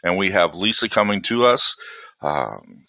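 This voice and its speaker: A man's voice: low-pitched, sing-song, a little slow, creaky, pushed and bright, no echo. A man with a Southern US accent hosting a live webinar from home, chatting in a folksy way and greeting attendees by name. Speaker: webinar host.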